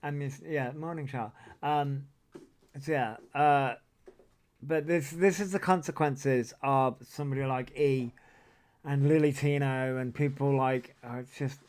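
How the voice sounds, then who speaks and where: A man's voice: medium pitch, steady tone, unhurried, darkish tone. A man hosting a casual livestream, rambling off on tangents and swearing often. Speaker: livestream host. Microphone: desk mic that picks up a lot.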